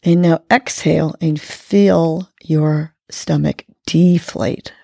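Slow, gravelly-voiced woman guiding breathing. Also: deep voice, dry recording, clean studio sound. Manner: calm, instructive, repeats cues gently. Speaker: host of a morning motivation segment. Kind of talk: guided breathing and affirmations.

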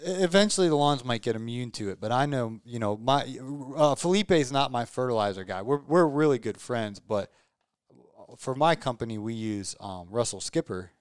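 A man's voice: mid-range voice, expressive, normal speed, clean tone, no echo, studio quality. A tired man hosting a casual podcast chat, rambling and repeating words, upbeat and joking. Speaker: podcast host.

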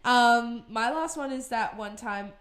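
A woman's voice: fairly high pitch, unhurried, a bit bright. A young woman hosting a podcast, telling exasperated stories in casual chat. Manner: chatty, exasperated storyteller. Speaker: podcast host.

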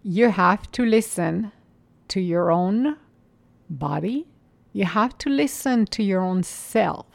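A woman giving a calm, reflective spiritual monologue, unhurried and sometimes dropping into a soft whisper, with light laughs as she tells stories. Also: mid-range voice, vocal fry, no echo. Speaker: mindfulness speaker.

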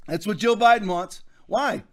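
A man hosting a political commentary podcast, fiery and preacher-like, often breaking into shouts. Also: sits high, normal speed. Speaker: podcast host.

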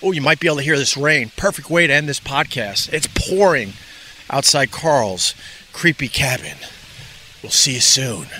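A man's voice: mid-range voice, expressive, normal speed, bright, forceful tone, slight background noise. A man hosting a podcast, telling stories in an easygoing way. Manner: easygoing storyteller. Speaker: podcast host. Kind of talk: casual podcast chat. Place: outdoors in the rain by a cabin.

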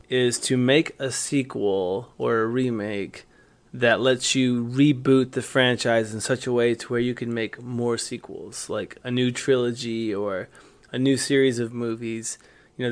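A man at a middle pitch gives a long, opinionated take on a film. He stays steady and unhurried, pausing now and then as he thinks. The tone is that of easy podcast talk. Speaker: podcast co-host. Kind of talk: casual movie review chat.

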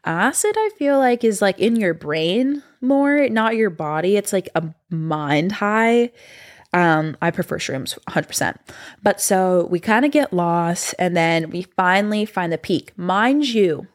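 A young woman talks straight to her viewers in a loose, rambling way. Her voice sits a little low for a woman, and she keeps filling gaps with fillers as she goes. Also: unhurried. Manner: chatty and rambling, lots of fillers, animated voices in quotes. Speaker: vlogger. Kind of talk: casual storytelling to viewers.

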